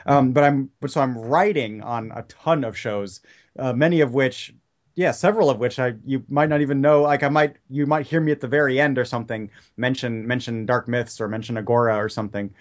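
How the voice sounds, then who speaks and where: A man's voice: medium pitch, fairly quick. A man chatting on a podcast in a rambling, tangent-heavy way, often restarting his sentences. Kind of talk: casual podcast chat. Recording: slightly dull lo-fi podcast audio.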